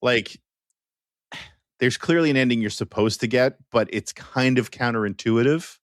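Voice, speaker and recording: A man's voice: mid-range voice, normal speed, dry recording, studio quality. A man co-hosting a podcast, talking in an easygoing, rambling way with many fillers. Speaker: podcast co-host. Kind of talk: casual chat.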